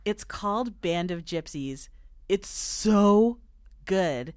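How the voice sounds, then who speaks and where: A woman's voice: mid-range voice, animated, takes it slowly, darkish tone, no room sound, clean studio sound. A woman hosting a podcast in casual chat, gushing and playful with lots of slang. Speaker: podcast host.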